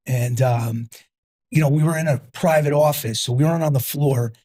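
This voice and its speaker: Husky energetic man in his fifties. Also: mid-range voice, moderate pace. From New Jersey. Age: 50s. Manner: energetic, punchy storyteller who repeats himself for emphasis. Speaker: guest. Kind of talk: casual interview storytelling.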